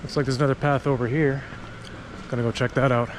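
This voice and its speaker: A man narrates his walk outdoors in a loose, chatty way, thinking aloud as he goes. His voice sits at an ordinary middle pitch. Street noise and passing traffic come through clearly behind him. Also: little pitch movement, quick pace. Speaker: travel vlogger. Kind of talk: casual walking vlog narration. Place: outdoors on city streets and hill paths.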